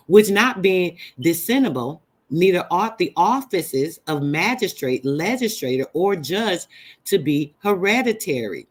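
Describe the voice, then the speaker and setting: A woman's voice: on the low side, very animated, a little slow. Emphatic woman preaching to her live chat. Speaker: livestream host. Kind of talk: live-stream teaching chat.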